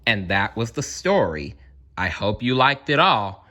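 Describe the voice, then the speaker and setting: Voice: medium pitch, big pitch swings, measured pace, sharp tone. A storyteller reading a rhyming children's story aloud in a sing-song manner.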